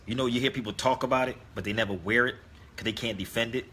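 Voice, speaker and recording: A man's voice: medium pitch, fairly even intonation, fast, bright, forceful tone, slight background noise. A man telling a story in a casual monologue, emphatic and speaking straight to his listeners. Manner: emphatic, addresses listeners directly. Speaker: online talk host.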